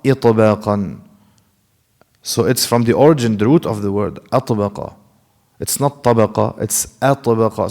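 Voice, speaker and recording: A man teaching Quran recitation in a class lecture. He asks questions and answers them himself, and he demonstrates Arabic sounds slowly and step by step. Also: medium pitch, vocal fry, a little mellow.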